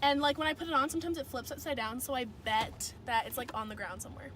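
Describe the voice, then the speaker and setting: Young woman, high voice, bubbly, giggly, casual vlog chat, car interior, road noise. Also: quick pace. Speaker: vlogger. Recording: car recording with background noise.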